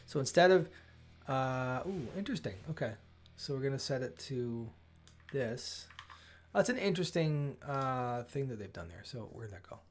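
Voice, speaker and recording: A man's voice: medium pitch, animated. A man hosting a coding livestream, thinking aloud, often breaking off mid-sentence and exclaiming when something works. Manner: chatty, self-interrupting, quick to exclaim at results. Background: faint background music.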